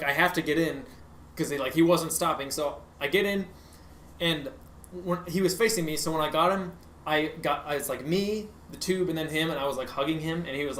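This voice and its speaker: A young man with a slightly high voice rambles through a story on a casual podcast, stacking fillers and restarts and laughing at his own tale. He sounds like he is in an echoey room with a faint hiss underneath. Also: fairly bright tone. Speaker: podcast co-host.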